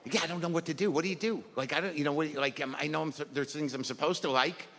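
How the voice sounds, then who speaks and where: A man's voice: on the high side, fast, a bit bright. A middle-aged man doing a rambling, self-deprecating stand-up set before a live audience. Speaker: stand-up comedian. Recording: live hall recording with reverb and crowd noise.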